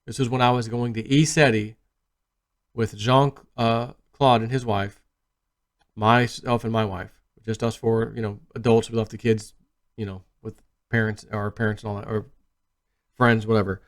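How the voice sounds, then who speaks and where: A man's voice: fairly low pitch, moderate pace. Rambling man telling a story. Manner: rambling, animated, often trailing off quietly. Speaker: video host. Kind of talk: casual storytelling monologue.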